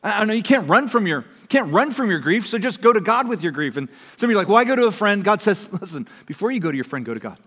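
A man preaching a sermon as a pastor, talking conversationally and swinging from raised emphasis to hushed, quiet lines. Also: high voice, very animated, fast talker, hardly any pauses, in a large hall.

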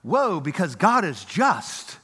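A man preaching a sermon in an animated, emphatic way, swinging between loud passages and hushed ones. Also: high voice, takes it slowly, husky. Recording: reverberant hall.

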